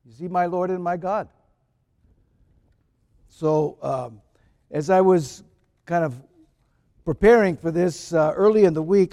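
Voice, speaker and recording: A priest preaches in a slightly high voice, taking his time and leaving small pauses and fillers. The sermon is unhurried and deliberate. His words ring out in a large church with a long echo. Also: darkish tone. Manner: slow and deliberate, with some fillers.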